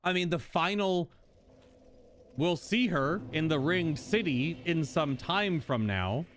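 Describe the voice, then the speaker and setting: A man hosting a casual gameplay commentary, thinking out loud and bursting into exclamations. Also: a little high, lively intonation, slow pace, a little hiss or hum. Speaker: gaming host.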